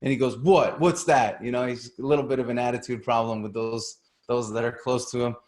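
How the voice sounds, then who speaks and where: A man's voice: mid-range voice, level tone, fast talker, darkish tone, roomy sound. A man, a guest coach, telling a story on a call in an earnest way, often repeating words as he starts a thought.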